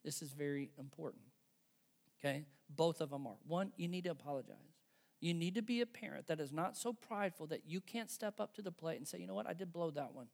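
Gravelly high-voiced man preaching. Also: expressive, fairly quick, a little mellow. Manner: earnest, exhorting, talks straight to parents. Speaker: pastor. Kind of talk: sermon.

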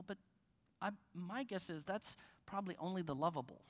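A man's voice: sits high, expressive, fast talker, big-room sound. A man preaching a sermon as pastor, conversational and joking with his congregation. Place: church in front of a congregation.

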